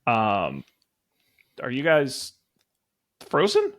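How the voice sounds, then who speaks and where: A man's voice: medium pitch, huge pitch swings, drawn-out words, a bit bright. A man hosting a casual podcast over a video call, rambling through plugs with plenty of fillers. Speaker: podcast host. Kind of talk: casual chat.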